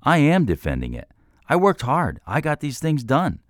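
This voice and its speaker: A man's voice: on the high side, wildly swooping pitch, normal speed, dry recording, studio quality, voice pushed up. A man voicing a defensive, indignant male business owner in an audiobook, protesting and snapping back. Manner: raises his voice, protests, snaps back. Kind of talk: audiobook character voice.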